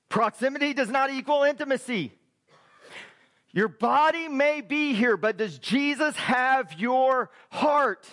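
A man's voice: very high-pitched, slow pace, fairly bright tone. A man preaching a sermon to his church as pastor, emphatic and full of rhetorical questions to the congregation.

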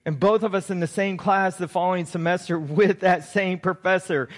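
A pastor in his forties delivers a sermon, weaving in a personal story. His voice sits high for a man, and he speaks earnestly and with open emotion to his congregation. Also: steady tone, normal speed, hardly any pauses.

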